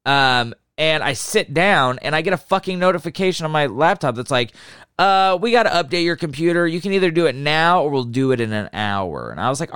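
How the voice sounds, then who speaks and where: A young podcast co-host chats casually and rants animatedly, swearing a lot. His voice is on the high side, brisk, clear and resonant, captured as clean studio sound with no echo.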